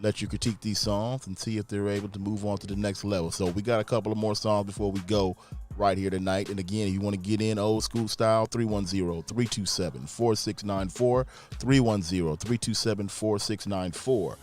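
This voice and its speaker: A man's voice: lowish voice, brisk, soft background music. A man hosting a radio live stream, plugging the show and reading the call-in number with energy. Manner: energetic promo delivery, reads out phone number.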